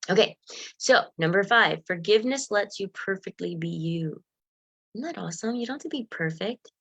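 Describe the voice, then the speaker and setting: A woman's voice: medium pitch, animated, moderate pace, a bit bright, slightly rough. A woman giving an earnest, emotional self-help talk, laughing often and acting out inner voices. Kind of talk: motivational talk.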